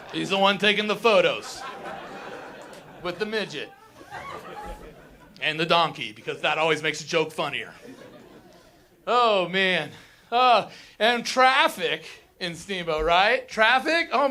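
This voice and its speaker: A man's voice: sits high, big pitch swings, takes it slowly, long pauses, sharp tone, some chatter behind. A young man from Colorado doing a crude stand-up comedy set on a theater stage, ranting and mimicking whiny locals.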